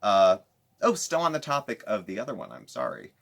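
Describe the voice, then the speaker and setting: A man hosting a casual commentary show, recapping another creator's videos with animated, sarcastic asides. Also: fairly low pitch, brisk, vocal fry. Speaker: commentary channel host.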